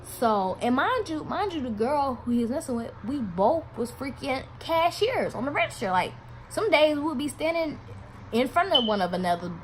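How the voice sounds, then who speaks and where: Animated young woman telling a storytime. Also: normal speed, a little hiss or hum. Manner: animated, swearing, acts out quotes in a louder higher voice. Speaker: vlogger. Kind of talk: casual storytime.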